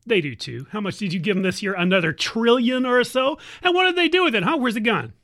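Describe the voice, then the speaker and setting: A woman playing an exasperated family member who scolds her warmongering uncle in a sarcastic, nagging, teasing radio sketch. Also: on the high side, animated, quick pace, voice pushed up. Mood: scolding. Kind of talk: satirical radio monologue.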